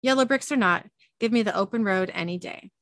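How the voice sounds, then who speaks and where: A woman reads out a hardy adventurer woman who favours the open road, brisk and decisive. The voice sounds close and dry at a middling pitch. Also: a bit bright, no room sound, lightly acted. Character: tough adventurous woman, restless traveler.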